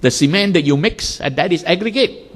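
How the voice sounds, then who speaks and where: A man's voice: sits high, brisk, big-room sound. A man teaching a Buddhist class, explaining ideas through everyday examples with little acted-out quotes. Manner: acts out little everyday scenes in lively quoted voices.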